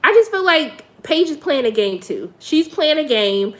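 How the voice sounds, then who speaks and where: A woman's voice: high voice, big pitch swings, a little slow. A woman giving sassy, blunt, casual live commentary on a reality show, talking straight to her viewers with features.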